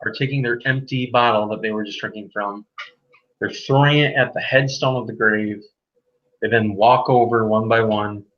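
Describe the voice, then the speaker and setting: A man running a tabletop game, his voice bright and forward, narrating scene by scene with lots of "uh"s and "um"s. The recording is muffled and lo-fi. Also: lowish voice. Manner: halting narration with many fillers. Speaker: dungeon master. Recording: dull lo-fi home recording.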